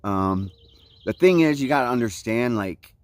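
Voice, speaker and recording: Speaking at a moderate pace in an expressive, slightly mellow mid-range voice, a forties-aged Central Florida man vlogs from a hiking trail. The thru-hiker's casual surfer talk keeps returning to "like, you know, man."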